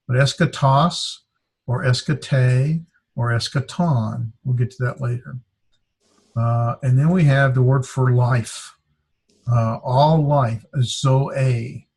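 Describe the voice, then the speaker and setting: A man teaching Greek in a classroom talks in a mid-pitched voice that's a little husky and a little mellow. He goes slowly and haltingly, breaking off often to sound out every syllable.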